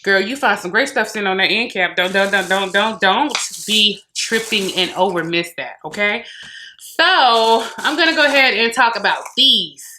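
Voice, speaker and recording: An American beauty vlogger chats casually with her viewers as she reviews beauty and hair products at home, a closet behind her. Her voice is medium-pitched and sharp at a moderate pace, with a slight hiss or hum, and she talks straight to the camera.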